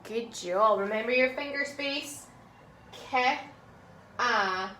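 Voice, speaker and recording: Lady teacher doing phonics for little kids, slow and bright, sounds everything out, kinda high voice. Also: lively intonation. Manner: slow, clear and encouraging, exaggerated sounding out. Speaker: primary school teacher. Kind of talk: phonics lesson for young children.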